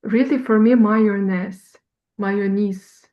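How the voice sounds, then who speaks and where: Female student, very slow and halting delivery, muffled recording. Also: mid-range voice, steady tone. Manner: hesitant, sounds words out. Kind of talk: reading practice in a lesson.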